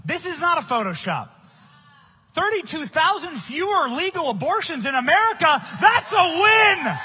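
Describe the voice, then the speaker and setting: Give me a young male conference speaker with a loud, emphatic delivery and a sharp, bright voice. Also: very high voice, very animated, moderate pace. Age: young adult. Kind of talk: political rally speech. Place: conference stage.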